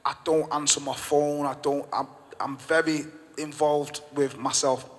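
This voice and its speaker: A man, a gym owner, speaking to a live audience with animated, emotional storytelling and casual slang. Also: on the high side, measured pace. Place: event room with an audience. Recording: reverberant hall.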